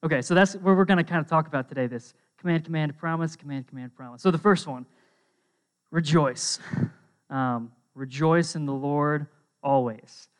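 A young man preaching a casual sermon, conversational and animated, often checking in with his listeners. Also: on the high side, moderate pace, clean tone. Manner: conversational, lots of "um" and "right?"; animated storytelling.

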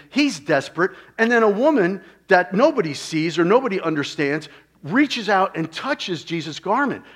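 A man delivers a conversational sermon with a fairly high, breathy-edged voice, questioning his listeners rhetorically. He swings from loud exclamations down to hushed lines that are close to a whisper.

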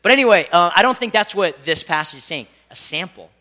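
A young man preaching a sermon, telling stories with lots of asides and animated delivery. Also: high-pitched, a little fast. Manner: animated storytelling with asides and laughs.

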